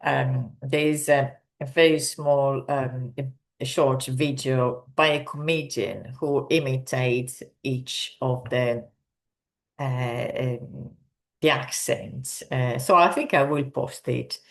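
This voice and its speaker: A woman from Sardinia with an Italian accent, teaching in English in an unscripted talk full of ums, pauses and restarts. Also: extremely low pitch, fairly even intonation, creaky. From Sardinia, Italy. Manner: hesitant, many ums and restarts.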